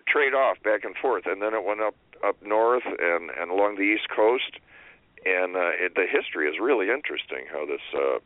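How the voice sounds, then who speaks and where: A man's voice: low-pitched, dry recording. A man hosting a radio talk show, asking loose, rambling questions in casual chat. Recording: dry, phone-like narrow sound.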